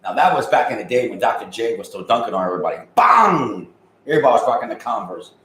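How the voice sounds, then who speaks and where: A man's voice: medium pitch, very animated, quick pace, fairly bright tone, roomy sound, a little hiss or hum, poor audio. A man in his thirties chatting casually on a livestream, reading viewer comments and joking in loose, profane street slang. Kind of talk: casual live-stream chat.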